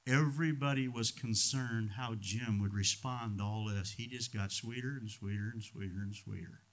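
A middle-aged man preaching a sermon as pastor, swinging from loud emphatic lines to hushed ones. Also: fairly low pitch, moderate pace.

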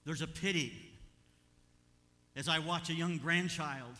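An older man preaching a sermon as pastor, animated, moving between quiet asides and loud urging. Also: fairly high pitch, unhurried, in a large hall.

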